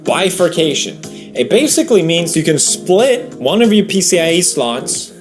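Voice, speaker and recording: Guy ranting over gameplay, kinda high voice, gets worked up and laughs at himself, soft music behind. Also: normal speed. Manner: animated, exasperated ranting with laughs. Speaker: gaming video host. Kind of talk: casual commentary over gameplay.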